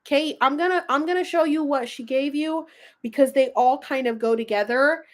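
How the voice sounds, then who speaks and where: A woman's voice: high voice, normal speed. Chatty, profane woman pulling cards live. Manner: chatty, profane, laughs often, reads cards aloud. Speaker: livestream host pulling oracle cards. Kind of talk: casual livestream chat with card readings.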